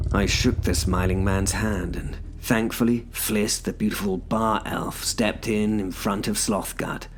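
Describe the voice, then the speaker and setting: A man's voice: low voice, creaky, slight background noise. A man narrating a first-person story in a dry, wry storytelling manner.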